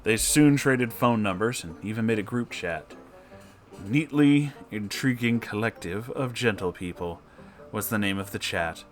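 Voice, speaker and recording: A man's voice: fairly low pitch, measured pace, faint music behind. A man hosting his channel, reading a story aloud in a playful, chatty way.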